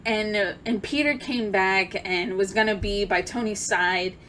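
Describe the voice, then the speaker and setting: A young woman tells a story-time vlog in a rambling, heartfelt way, with lots of fillers and false starts. Her voice sits at a middle pitch. She swings between loud bursts of excitement and soft, near-tearful talk. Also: unhurried, a little hiss or hum. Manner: rambling, emotional, many fillers and restarts. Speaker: vlogger.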